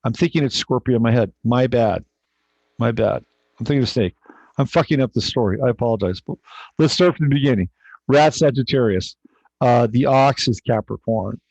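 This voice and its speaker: A man's voice: mid-range voice, normal speed, gravelly, a little mellow, no room sound. A man hosting an astrology livestream, telling a story in a rambling, casual way, swearing and often correcting himself, on a dull, dry recording.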